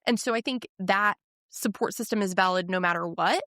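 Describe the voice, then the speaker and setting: A woman hosting an interview in a casual, animated way, acting out quotes with her voice. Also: a little fast, no echo, studio quality. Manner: animated, acts out quoted voices with pitch jumps. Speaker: podcast host.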